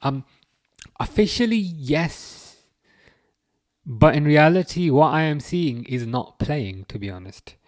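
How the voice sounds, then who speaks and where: A man's voice: on the high side, lively intonation, takes it slowly, pauses often, no room sound, studio quality. A man hosting a football livestream, chatting casually, chuckling wryly and answering comments from chat. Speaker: livestream host.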